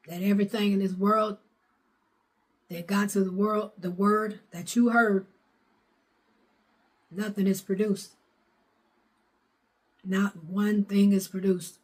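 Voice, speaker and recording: A woman's voice: mid-range voice, steady tone, takes it slowly, pauses often. A middle-aged woman, preaching a sermon in a fervent, repetitive way. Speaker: prophetess preaching.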